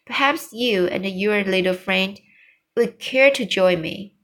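A woman's voice: medium pitch, slow pace, fairly bright tone. A woman reading as a composed, formal queen. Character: calm dignified queen, older woman.

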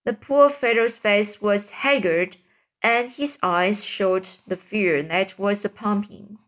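Slow, halting woman reading aloud. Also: medium pitch, a bit bright. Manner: halting, restarts on hard words. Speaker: reader. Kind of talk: reading a classic novel aloud.

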